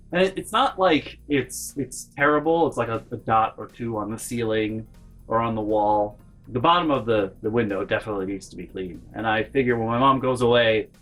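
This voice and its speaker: A man's voice: medium pitch, fairly bright tone. A man in his bedroom telling a casual, exasperated story with sardonic asides and lots of swearing. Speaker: vlogger.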